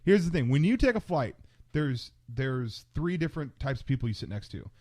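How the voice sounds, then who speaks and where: A man's voice: medium pitch, big pitch swings, brisk, darkish tone, no room sound, clean studio sound. A man co-hosting a podcast, telling his side of a story in a rambling, profane, casual way. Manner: rambling, profane, laughs easily. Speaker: podcast co-host.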